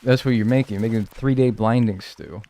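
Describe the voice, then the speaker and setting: A man's voice: medium pitch, a little fast, dark tone, slight background noise. A man streaming live, chatting casually and joking as he reads and answers his chat.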